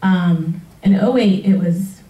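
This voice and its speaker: A woman, a retired track athlete, tells her story in a personal testimonial, animated and laughing often as she acts out past conversations. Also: lowish voice, takes it slowly. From United States. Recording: roomy sound from a distance.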